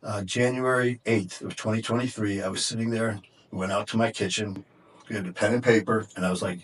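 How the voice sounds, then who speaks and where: Husky-voiced man telling a harrowing story. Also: lowish voice, fairly even intonation, brisk. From Detroit area, USA. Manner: intense, profane, voice breaking with emotion. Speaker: podcast guest. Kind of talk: emotional storytelling in conversation.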